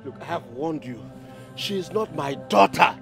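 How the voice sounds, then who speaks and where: A man's voice: on the high side, expressive, moderate pace, creaky, music in the background. A man playing a stern, older church catechist father who refuses to forgive his daughter. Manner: stern, preachy, unyielding.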